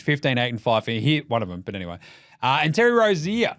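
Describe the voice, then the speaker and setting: An Australian man hosting a basketball podcast, riffing in a jokey, profane, rapid-fire way. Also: a little high, big pitch swings, fairly bright tone, no room sound, clean studio sound. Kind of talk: casual solo commentary.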